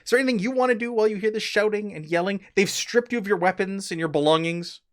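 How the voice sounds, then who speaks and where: A man's voice: high-pitched, fast. A young man narrating a tabletop game as game master, laughing often as he describes scenes.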